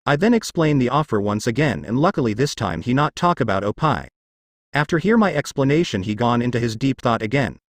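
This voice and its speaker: Synthetic male narrator, bouncy pitch, dry close sound, reads odd text literally. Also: no echo. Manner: reads spelled-out letters and punctuation literally. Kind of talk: text-to-speech fanfic reading.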